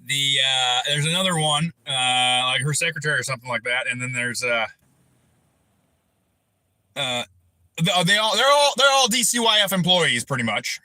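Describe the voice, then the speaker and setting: A man in his thirties hosting a livestream, ranting angrily and profanely, breaking into shouted bursts. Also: medium pitch, expressive, normal speed, dry recording, poor audio. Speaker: livestream host. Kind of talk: angry personal rant on a livestream.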